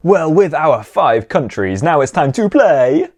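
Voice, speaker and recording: A man's voice: fairly high pitch, very animated, unhurried. A man teaching children French in a playful way, drilling words for them to repeat. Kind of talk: children's language lesson.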